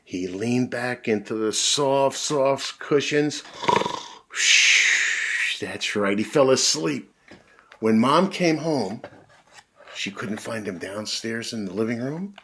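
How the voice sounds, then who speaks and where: Brief: husky-voiced man, slow and lively storybook reader for children. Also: medium pitch. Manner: animated, big voices and sound effects. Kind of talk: read-aloud storytelling for kids.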